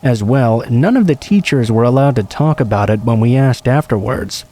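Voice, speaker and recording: A man reads scary stories in a calm, even narrator's voice. His tone is dark and mellow, and a steady patter of rain runs behind him. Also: mid-range voice, normal speed. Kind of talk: scripted horror story narration.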